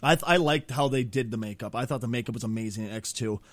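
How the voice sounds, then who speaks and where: A man's voice: medium pitch, quick pace, fairly bright tone, dry recording. A man co-hosting a podcast in casual chat, emphatic, swearing and stumbling over his words. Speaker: podcast co-host, reviewer.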